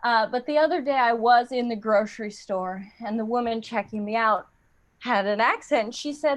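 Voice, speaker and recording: A woman's voice: fairly high pitch, normal speed. A young woman performing a playful stand-up set over a video call, slipping in and out of silly accents. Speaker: stand-up comedian. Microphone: computer mic on a video call.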